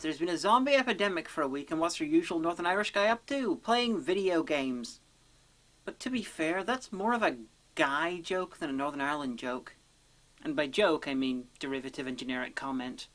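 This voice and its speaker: A woman narrating a comedic film review in a sarcastic, deadpan, profane manner. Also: low-pitched, moderate pace.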